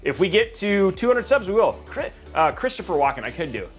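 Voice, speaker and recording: A man's voice: high voice, very animated, fairly quick, faint music behind. A man from California hosting a PC-building livestream, rambling and joking as he reads out chat. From California, USA.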